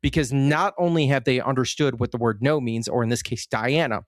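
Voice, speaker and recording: A man's voice: medium pitch, brisk, no echo, studio quality. A man, a podcast co-host and father, explaining at length in casual chat, with frequent restarts.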